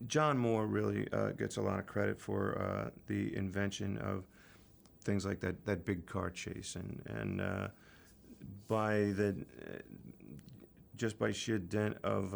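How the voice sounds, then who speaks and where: A middle-aged man, a guest actor in a casual radio interview, answering slowly with many pauses and uhs. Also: on the low side. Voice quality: gravelly. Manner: slow, halting, drawn-out answers full of uhs.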